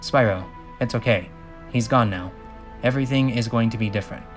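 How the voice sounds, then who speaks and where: A man's voice: mid-range voice, fairly quick, faint music behind, natural voice. Man playing a young dragon hero, earnest and plain.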